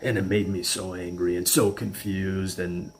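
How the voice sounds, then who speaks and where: A man's voice: sits low, little pitch movement, moderate pace. A man casually telling a personal story, rambling and chuckling as he goes. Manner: rambling, chuckling, restarts often.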